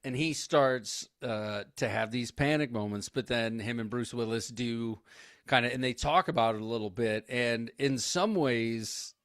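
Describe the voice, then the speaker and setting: A man's voice: medium pitch, measured pace, dry recording, clean studio sound. A man co-hosting a podcast, casually recapping a film and acting out lines from scenes. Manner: animated retelling with acted-out quotes. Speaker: podcast co-host. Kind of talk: casual movie recap chat.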